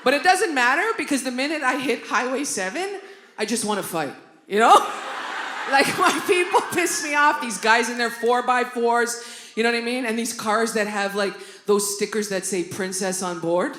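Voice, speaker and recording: Woman comic on stage, loud swearing storytelling, echoey theatre with a noisy crowd behind. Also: fairly high pitch, moderate pace. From Canada. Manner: brash, profane, animated storytelling with acted-out quotes. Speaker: stand-up comedian. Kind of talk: stand-up comedy set. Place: live theatre with audience. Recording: echoey theatre with audience laughter.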